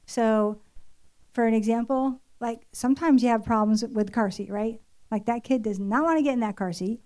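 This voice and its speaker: An older woman shares a personal story from the pulpit in an earnest, confessional sermon style. Her voice sits a little high and her talk stays loose and conversational, full of little fillers as she recounts home life. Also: moderate pace, warm tone. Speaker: church speaker.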